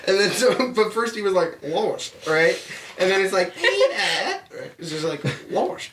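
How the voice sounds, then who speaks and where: A man's voice: high voice, fairly quick. A man co-hosting a podcast, telling a rambling story in casual chat and laughing often. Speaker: podcast co-host. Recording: echoey room with faint noise.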